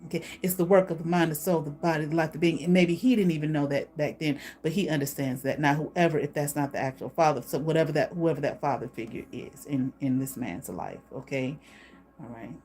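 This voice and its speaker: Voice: mid-range voice, fairly quick, darkish tone. A tarot reader giving a casual, spoken reading, emphatic and blunt, tagging lines with a repeated "okay?" and swearing freely.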